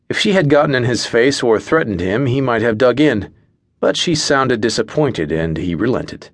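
A man's voice: mid-range voice, big pitch swings, moderate pace, dry recording. A man narrating a first-person fantasy audiobook in a wry, dry storytelling manner.

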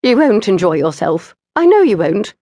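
A woman doing a shrill dramatic mom, fussy and indignant, warm breathy voice, high-pitched. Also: sing-song, moderate pace, no room sound. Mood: exasperated. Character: fussy exasperated society mother, middle-aged woman.

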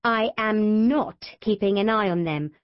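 A woman's voice: medium pitch, measured pace, no echo, lo-fi sound, natural voice. A woman voicing Gina, a lofty, bossy teenage girl, in a haughty, prim manner.

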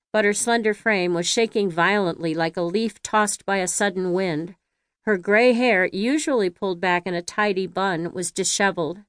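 A woman author narrating her own audiobook in a measured, even storytelling manner. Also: mid-range voice, clean tone, dry recording, clean studio sound.

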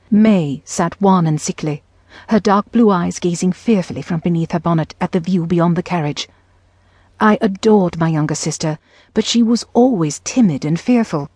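A woman narrating an audiobook in the first person with measured, even storytelling. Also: on the low side, husky, no echo.

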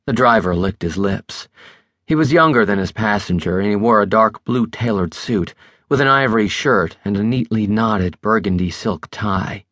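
A male audiobook narrator reading a thriller in a steady, measured way. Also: fairly low pitch, dry recording, clean studio sound. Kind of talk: scripted narration.

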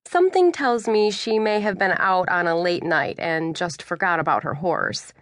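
A woman reading a first-person audiobook in a measured storytelling way. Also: on the low side, no room sound, studio quality. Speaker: audiobook narrator.

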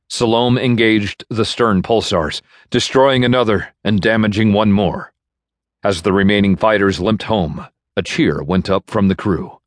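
A man narrating an audiobook in a measured, even storytelling manner, recorded in a studio. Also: low-pitched, no echo. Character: bitter man navigator. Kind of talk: scripted narration. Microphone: studio microphone.

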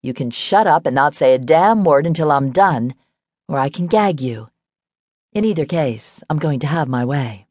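A confident young woman who teases and commands with calm control, read by a woman narrator. Her voice is low and sounds dry and close to the mic. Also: normal speed, dry recording. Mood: commanding. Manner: cool, commanding, teasing. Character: bold, teasing young woman in charge.

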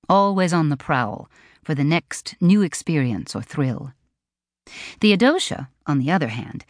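Lady reading an audiobook, low voice that swoops around a lot, super dry studio sound. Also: no echo. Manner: expressive storytelling. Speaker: audiobook narrator. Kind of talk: scripted audiobook narration.

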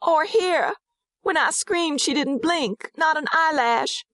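A woman voicing a young mother crying out in anguish, her voice high and strained. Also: slow pace, a bit bright, no room sound.

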